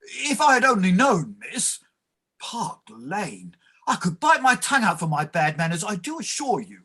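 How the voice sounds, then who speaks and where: A woman voicing a blustering elderly male clerk in a play reading, husky and sputtering. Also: medium pitch, very animated, moderate pace, fairly bright tone. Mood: fawning. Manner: outraged then fawning, sputtering.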